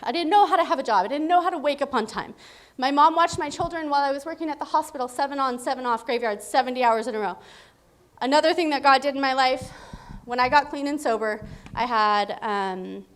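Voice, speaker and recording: A woman's voice: high-pitched, a little fast. A woman in her thirties sharing her personal recovery story at a meeting, candid and emotional, laughing often as she talks. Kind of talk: personal testimony.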